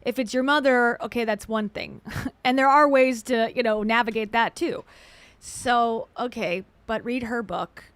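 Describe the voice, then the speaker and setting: A woman's voice: on the high side, unhurried, fairly bright tone, smooth, no echo. A woman hosting a reaction commentary, talking in a wry, skeptical way. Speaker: commentary host.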